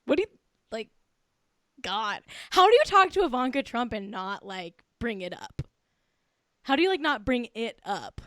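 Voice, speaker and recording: A woman's voice: a little high, very animated, normal speed, pauses often, bright, forceful tone, no room sound, studio quality. Tipsy, giggly woman gossiping. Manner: giggly, profane, gleefully catty. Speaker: podcast host. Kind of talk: casual celebrity gossip chat.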